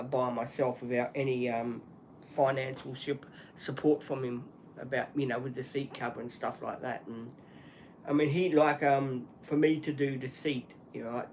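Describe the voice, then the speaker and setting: A man hosting a solo livestream, talking earnestly and apologetically in halting speech with many restarts and fillers. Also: mid-range voice, darkish tone, slight background noise. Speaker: channel host.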